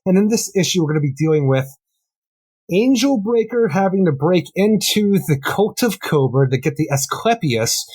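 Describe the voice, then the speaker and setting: A man's voice: high-pitched, expressive, normal speed, darkish tone, slightly rough. A man co-hosting a comics podcast in casual review chat, eagerly summarizing and often laughing. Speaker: podcast co-host.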